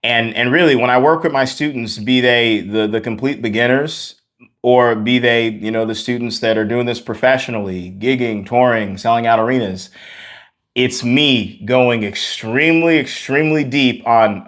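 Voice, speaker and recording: A man's voice: mid-range voice, a little slow. Out-of-breath male vocal coach. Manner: energetic, repetitive emphasis, laughs between points. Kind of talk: online singing lesson.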